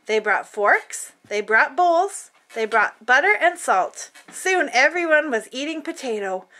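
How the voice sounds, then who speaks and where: A woman reading a picture book aloud to children in an expressive, playful storytelling manner. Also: high voice, a little slow.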